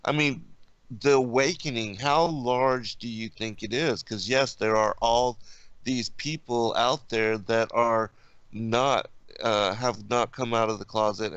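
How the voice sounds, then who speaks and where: A man's voice: medium pitch, fairly bright tone, clear, resonant tone, no room sound, highs cut off. A man hosting a casual interview, asking his guests questions. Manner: brief affirming backchannels. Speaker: host.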